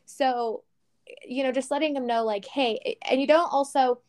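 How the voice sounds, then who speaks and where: A young woman co-hosting a podcast, chatting casually and lively, often acting out what others said. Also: high-pitched, moderate pace. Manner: animated, acts out quoted voices. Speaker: podcast co-host. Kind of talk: casual chat.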